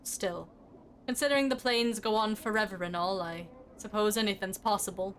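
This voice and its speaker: A woman voicing a gruff, weary male gravedigger in a game, with a slow, resigned drawl. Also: mid-range voice, fairly bright tone, slight background noise, close to an everyday voice.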